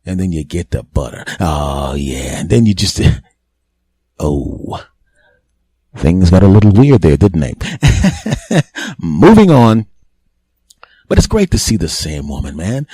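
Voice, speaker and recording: A man's voice: deep voice, breathy edge, dry recording. A man hosting a podcast, delivering a rambling comedic monologue and acting out little voices along the way. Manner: rambling, acts out voices, sudden loud asides. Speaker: podcast host.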